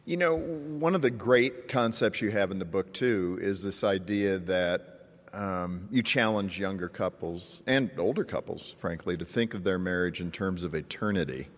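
A man with a very low voice hosts an interview and asks measured, thoughtful questions. His voice carries a long reverb tail. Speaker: interview host. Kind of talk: interview conversation.

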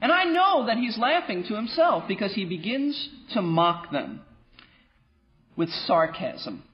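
Man pastor, high voice that swings widely, muffled lo-fi sound, faint music behind. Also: measured pace. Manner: animated and wry, with playful asides. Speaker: pastor teaching a Bible class. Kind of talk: lively Bible teaching.

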